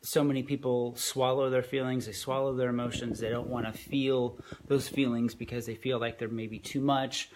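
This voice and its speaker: A man's voice: medium pitch, little pitch movement, moderate pace, hardly any pauses, noisy background. A man co-hosting a podcast, talking reflectively about relationships and often restarting his sentences. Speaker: podcast co-host. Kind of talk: conversational relationship advice.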